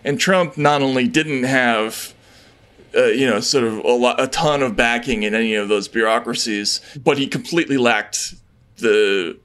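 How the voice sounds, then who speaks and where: A man's voice: medium pitch, moderate pace, a bit bright. A man co-hosting a political talk podcast, speaking earnestly and worriedly, with frequent restarts and stammered repeats. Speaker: podcast co-host. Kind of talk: casual political chat.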